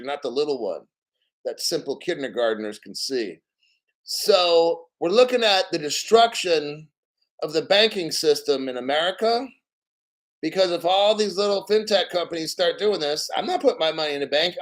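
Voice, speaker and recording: A man's voice: fairly high pitch, a bit bright. A man giving casual live commentary on the news, blunt and profane, a little out of breath. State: slightly out of breath.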